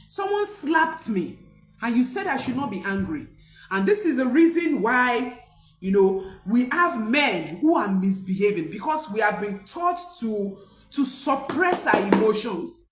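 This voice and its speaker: A woman's voice: a little high, reverberant. A woman parenting coach, giving an emphatic motivational talk with preacher-like repetition. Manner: emphatic, preacher-like repetition, rising to near-shouts.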